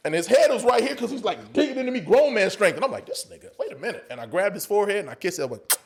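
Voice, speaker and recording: Animated high-voiced man telling stories. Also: very fast, noisy background. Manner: acts out other people's voices, laughs often, swears freely. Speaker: actor guest telling a story. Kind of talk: animated storytelling on a podcast.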